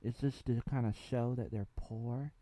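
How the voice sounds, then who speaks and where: A man's voice: mid-range voice, fairly even intonation, normal speed, mellow, no echo. A man in his thirties from the United States, giving a casual spoken TV review in a rambling way with lots of fillers. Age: 30s. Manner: rambling, full of fillers and asides. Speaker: TV show reviewer.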